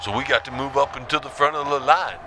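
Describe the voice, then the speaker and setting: A man's voice: mid-range voice, fairly even intonation, fast talker, background noise, close to an everyday voice. A man voicing a blunt, rambling male caller on a comedy radio show. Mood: brash. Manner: brash, rambling.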